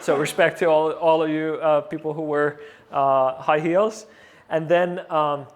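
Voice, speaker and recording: A man as an interview guest, telling a story casually, animated and full of fillers, acting out what others said. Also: on the high side, measured pace. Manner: animated, acts out quoted voices, many fillers.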